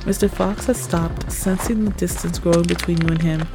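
Woman narrator, slightly low voice, tense measured second-person storytelling over music. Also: fairly even intonation, rough recording.

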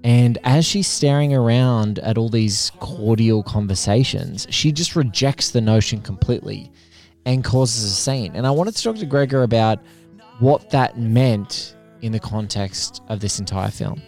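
Male podcast host, mid-pitched. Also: unhurried, darkish tone, soft background music. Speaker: podcast host and film critic. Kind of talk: podcast interview.

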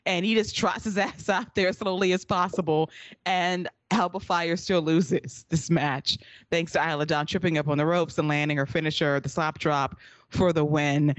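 A woman's voice: deep voice, moderate pace, dry recording. A woman co-hosting a wrestling podcast, recapping matches in casual chat and often breaking into laughter. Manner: laughs often, animated storytelling. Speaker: podcast co-host.

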